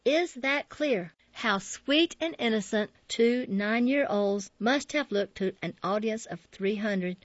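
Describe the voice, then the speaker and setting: A woman reading a memoir as an audiobook in a soft, reflective way. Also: mid-range voice, unhurried, hardly any pauses, no echo. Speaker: narrator. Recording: dull, dry lo-fi audio.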